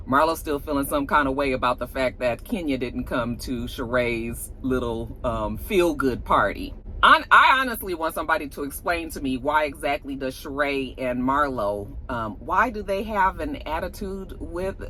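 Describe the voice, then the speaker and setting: A woman recapping a reality show episode in a chatty, gossipy way, with animated asides. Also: sits low, moderate pace, slight background noise. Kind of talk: casual chat.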